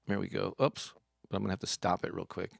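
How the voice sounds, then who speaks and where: A man's voice: sits low, completely flat delivery, quick pace, vocal fry, no room sound, clean studio sound. A man hosting a live stream, reading corny cheese jokes and laughing at his own puns.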